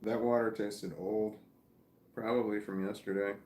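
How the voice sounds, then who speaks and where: A man with a Midwestern American accent hosts a live chat from home, reading viewers' comments aloud and musing on them. His voice is low and sounds tired, and his talk rambles and breaks into chuckles. The room around him is echoey. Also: level tone, moderate pace, darkish tone. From Missouri, United States. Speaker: livestream host reading chat.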